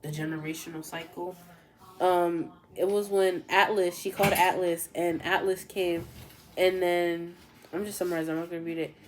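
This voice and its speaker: A woman's voice: lowish voice, flat delivery, normal speed, a little hiss or hum. A young woman chatting casually to her camera at home, gushing about a book with lots of "like" and "literally.". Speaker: vlogger.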